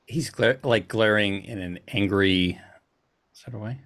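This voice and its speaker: A man playing in a tabletop game, who chats casually, jokes and asks quick questions. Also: lowish voice, fairly bright tone. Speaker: player.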